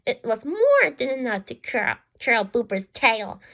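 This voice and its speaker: A woman reads a children's storybook aloud in a high, lively voice. She trips and restarts often, repeating words as she goes, with a gravelly catch in her tone. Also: measured pace, hardly any pauses. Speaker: storybook reader. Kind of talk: reading a children's book aloud.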